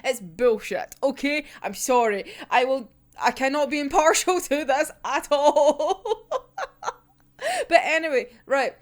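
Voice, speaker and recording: Brief: lively female reviewer, high and animated, swears a lot. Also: slow. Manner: excitable, ranting, swears often, laughs a lot. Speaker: manga reviewer. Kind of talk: casual reaction ranting.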